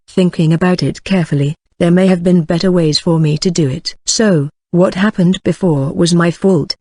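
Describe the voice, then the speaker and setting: A synthetic narrator reading a light novel aloud in a steady, even delivery. It speaks punctuation marks as words. The pitch sits in the middle range and the sound is dry and close, with no room around it. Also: normal speed, few pauses, no room sound. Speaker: audiobook narrator.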